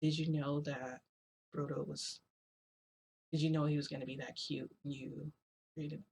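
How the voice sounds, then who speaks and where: A woman voicing a hesitant, soft-spoken man. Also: low-pitched, level tone, normal speed, gravelly, slight background noise, poor audio.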